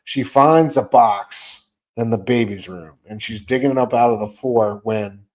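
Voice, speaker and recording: A man's voice: medium pitch, measured pace, a little mellow. A man co-hosting a podcast, casually and animatedly retelling a comic's plot and acting out the characters' lines. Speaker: podcast co-host. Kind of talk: casual comic book discussion.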